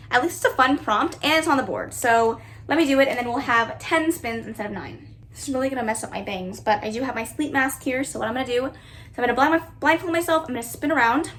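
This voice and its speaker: A woman's voice: fairly high pitch, a bit bright, a little hiss or hum. A young woman chatting casually and giggling as she narrates her own vlog at home. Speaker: booktuber. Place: bedroom with bookshelves, indoors.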